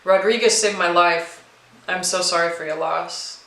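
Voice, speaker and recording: A woman voicing a guilt-ridden, withdrawn female Navy veteran in a storybook reading. She speaks in a quiet, halting, apologetic way. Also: fairly low pitch, steady tone, roomy sound, low-quality recording. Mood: grieving.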